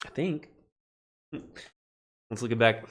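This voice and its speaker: A man teaching a beginning Greek lesson on a livestream, relaxed and self-deprecating, spelling words out letter by letter. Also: medium pitch, takes it slowly. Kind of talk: livestreamed lecture.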